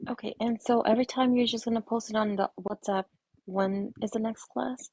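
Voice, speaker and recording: A woman's voice: a little high, fairly even intonation, brisk, a little mellow, no room sound. A woman student asking questions on an online class call. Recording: muffled call audio from far off.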